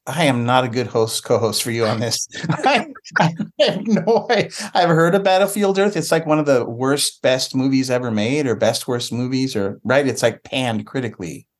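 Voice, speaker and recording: A man's voice: medium pitch, normal speed, hardly any pauses. A man co-hosting a podcast in casual chat, laughing often and reacting playfully. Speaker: podcast co-host.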